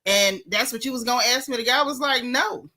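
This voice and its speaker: A woman with a bright, sharp voice dishes celebrity gossip in a casual, sassy way. She talks straight to her viewers, calling them y'all and reading their chat comments as she goes. Her tone is frank and playful. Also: on the high side, fast talker. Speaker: gossip channel host.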